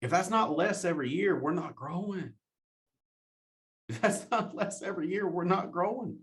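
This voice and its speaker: A man with a drawl delivers a motivational talk in an animated way. He laughs often and repeats his questions to drive each point home. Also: sits high, moderate pace. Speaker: motivational speaker.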